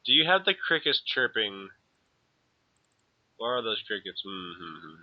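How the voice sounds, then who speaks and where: A man's voice: fairly low pitch, big pitch swings, unhurried, highs cut off. A young man co-hosting a casual podcast over an online call, talking in a jokey, rambling way with lots of fillers. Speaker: podcast co-host. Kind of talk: casual chat. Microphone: computer mic on an online call.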